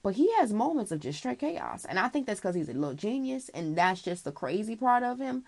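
Her voice is mid-range with a darkish, creaky tone, very animated and a little fast. This woman is a vlogger handing out frank, casual life advice directly to the listener, addressing them as girl. She swears freely and chats along, constantly filling in with okay and you know.

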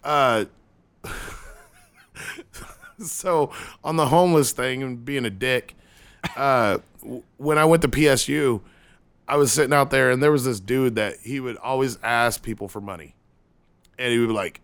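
A man in a casual podcast chat, telling a story in halting bursts with restarts and swearing. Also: mid-range voice, a bit bright. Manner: halting, stumbling starts, profane.

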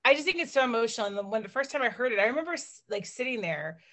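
Young woman, high voice, bright tone, animated podcast chat, laughs a lot. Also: racing. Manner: animated, laughs often, playful joking. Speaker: podcast co-host. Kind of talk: casual chat.

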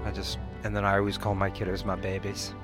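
Low-voiced rambling podcast co-host. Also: monotone, fast, over music. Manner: rambling, with many fillers and restarts; acts out quoted people in higher voices. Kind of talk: casual chat.

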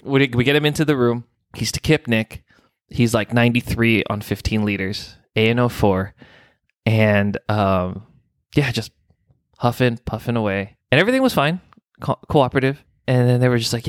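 A male nurse telling a story in casual chat, animated and peppered with swearing. His voice sits at an ordinary middle pitch and sounds dry and close. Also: normal speed, clean tone, no room sound. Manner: animated, swearing, acts out dialogue.

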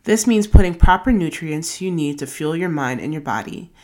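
A woman's voice: low-pitched, lively intonation, moderate pace, a little mellow. A young woman hosting a podcast, reading her blog post of self-help tips aloud and drifting into loose casual asides. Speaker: podcast host.

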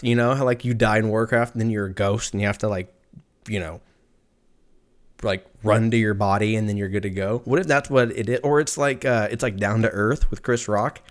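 A man hosting a solo podcast, rambling through a profane, joking rant and laughing often, his voice jumping up when excited. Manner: animated, jumps pitch when excited. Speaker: podcast host.

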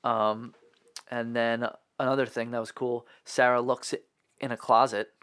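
A man's voice: mid-range voice, little pitch movement, a bit bright, clean tone, dry recording, studio quality. A man co-hosting a podcast, casually recapping a movie scene by scene with lots of fillers. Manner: laid-back, filler-heavy retelling with quick impressions. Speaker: podcast co-host.

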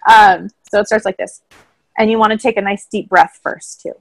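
A woman speaking as a guest in a casual interview, explaining things in a calm, thoughtful way. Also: mid-range voice, normal speed, gravelly, no echo, rough recording. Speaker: voice coach guest. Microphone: own microphone, remote call.

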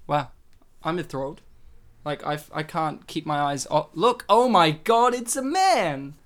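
This host talks in a relaxed, mid-pitched voice during a casual movie watch-along. The delivery is teasing and sarcastic, with lots of laughter breaking through the jokes. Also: unhurried. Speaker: podcast host. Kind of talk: casual movie commentary chat.

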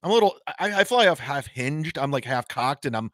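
A man's voice: mid-range voice, expressive, fairly quick, fairly bright tone, no room sound. A man with a mid-range voice talks on a live stream, rambling and tripping over his words as he restarts his sentences. The sound is dry and close, with no room around it. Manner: rambling, self-interrupting with many restarts. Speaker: comedian guest. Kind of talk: casual live-stream conversation.

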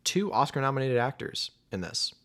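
A man's voice: mid-range voice, sing-song, moderate pace, fairly bright tone. A man co-hosting a casual movie-review podcast, dry and teasing, often chiming in with short remarks. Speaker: podcast co-host.

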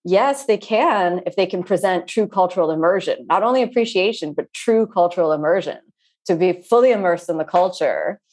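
A woman yoga teacher speaking in an interview, earnest and searching, with frequent pauses and restarts. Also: fairly low pitch, lively intonation, a little mellow. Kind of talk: reflective interview talk.

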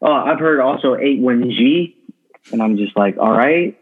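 A man from Texas co-hosts a podcast in an easy, joking way. His voice is husky and breathy. It comes through thin and lo-fi like a phone call. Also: medium pitch, moderate pace. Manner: laid-back, joking. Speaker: podcast co-host. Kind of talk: casual podcast chat. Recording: tinny phone-line sound.

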